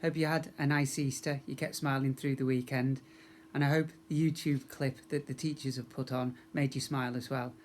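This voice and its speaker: A man, a school teacher, reading a children's storybook aloud to young pupils in a friendly, expressive way, acting out sound effects. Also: medium pitch, moderate pace, a little hiss or hum.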